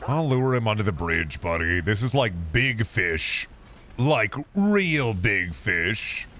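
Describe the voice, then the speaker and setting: Man, streamer, low voice, rambling profane jokey commentary, noisy stream audio. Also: big pitch swings, slow, sharp tone. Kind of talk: casual gameplay commentary.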